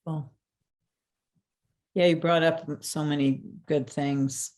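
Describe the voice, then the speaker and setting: A woman leading a support group, speaking gently and encouragingly to the mothers. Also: deep voice, fairly even intonation, a little slow, long pauses.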